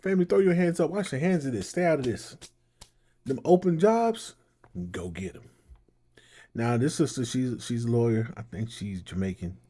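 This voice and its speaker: Guy doing rambling reaction commentary, kinda husky dark voice. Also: mid-range voice, animated, normal speed. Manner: conversational, loose and rambling. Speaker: commentary host.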